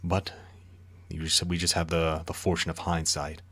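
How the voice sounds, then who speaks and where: Low-pitched male podcast co-host, relaxed and profane, recaps plot conversationally. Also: moderate pace, slightly rough. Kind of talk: casual book discussion chat.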